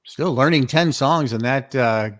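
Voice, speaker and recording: A man's voice: mid-range voice, a little slow, dry recording. Male podcast host, dry close sound. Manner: rambling questions with restarts. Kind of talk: casual interview.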